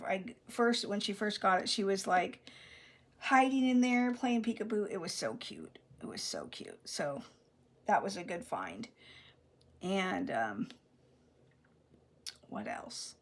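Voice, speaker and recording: A middle-aged woman chats casually at her craft table. Her talk rambles and restarts, with mid-pitched everyday tones and soft whispered asides now and then. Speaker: crafting vlogger. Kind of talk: casual chat while crafting.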